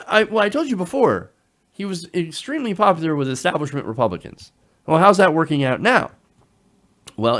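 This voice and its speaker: A man delivering opinionated political commentary in a sarcastic, animated way. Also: fairly high pitch. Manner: sarcastic, animated, drops into mocking quotes.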